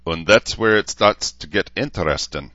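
A man's voice: low-pitched, moderate pace, sharp tone, no echo, dull audio, voice pushed up. A man doing a hearty voiced rogue.

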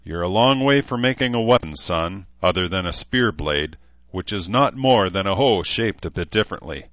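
A man voicing a gruff older blacksmith who growls out instructions to apprentices. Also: low-pitched, lively intonation, normal speed, fairly bright tone, no echo, dull audio. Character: gruff older male blacksmith, stern teacher.

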